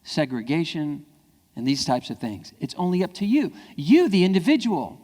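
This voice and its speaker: A man's voice: fairly high pitch, moderate pace. A man giving a keynote speech to parents and teachers. He talks emphatically and acts out bits of dialogue. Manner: animated, emphatic, acting out dialogue. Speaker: keynote speaker. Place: large event hall. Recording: long hall reverb.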